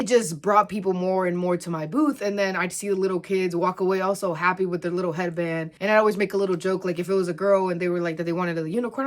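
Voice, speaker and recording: A woman's voice: on the low side, quick pace, hardly any pauses. A young woman vlogging from home, talking casually and emotionally to the camera, teary at times, with many "like" fillers. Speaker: crochet vlogger.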